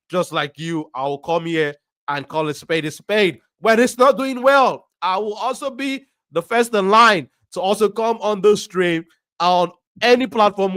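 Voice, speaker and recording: A man co-hosting a live fan stream, reading viewer comments in a measured way with many ums. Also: high-pitched, bright, forceful tone, no echo, clean studio sound. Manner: measured, with frequent ums and repeats.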